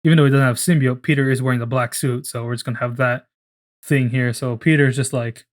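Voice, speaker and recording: A man's voice: mid-range voice, fairly even intonation, quick pace. A man co-hosting a casual podcast, talking in a rambling, profane way full of restarts. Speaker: podcast co-host. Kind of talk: casual chat.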